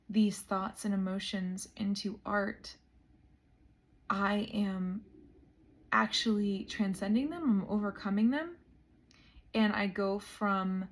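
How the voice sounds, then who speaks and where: A woman in her thirties recording a meditation video diary, earnest and emotional, her voice often falling to a near whisper. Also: mid-range voice. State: emotional, close to tears. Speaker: vlogger.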